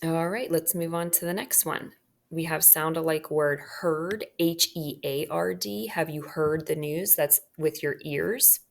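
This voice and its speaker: Woman, teacher, phonics lesson, gravelly low voice, unhurried, checks in often. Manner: talks through marking a worksheet, checks in with "okay?".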